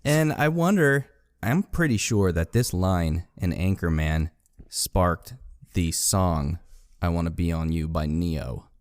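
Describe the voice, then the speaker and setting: A man's voice: deep voice, animated, takes it slowly, no echo, clean studio sound. A man co-hosting a podcast, chatting casually and rambling about a film with laughs. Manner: rambling, quotes movie lines with laughs. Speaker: podcast co-host. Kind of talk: casual movie chat.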